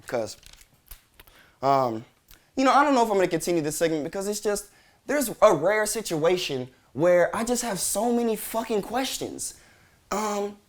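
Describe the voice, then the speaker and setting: Commentary host, male, exasperated profane rant, very animated delivery. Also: high voice. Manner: exasperated, incredulous, heavy swearing.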